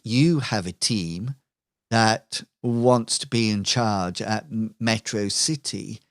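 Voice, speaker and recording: A man's voice: fairly low pitch, no room sound, clean studio sound. A man voicing a smug, scheming villainous woman who mocks and taunts her rivals in a tabletop game. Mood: taunting. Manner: taunting, drawn-out sly delivery.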